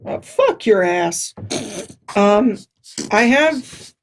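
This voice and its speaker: A woman's voice: medium pitch, lively intonation, very slow, a little hiss or hum. A woman playing a tabletop game, talking in a brash, jokey way. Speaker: player. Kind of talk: casual tabletop game chat.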